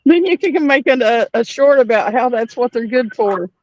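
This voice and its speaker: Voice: medium pitch, animated, moderate pace, a little mellow, a little hiss or hum. A co-host in casual chat who throws in short teasing jokes. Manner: teasing, joking interjections. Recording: dull lo-fi sound.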